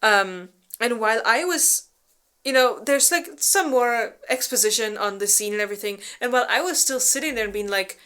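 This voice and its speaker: Her voice sits on the high side, smooth and fairly bright, moving at a normal speed. She's a book club co-host walking through a slideshow summary, rambling with many fillers and restarts, swearing freely, and slipping into exaggerated voices for little acted-out character quotes.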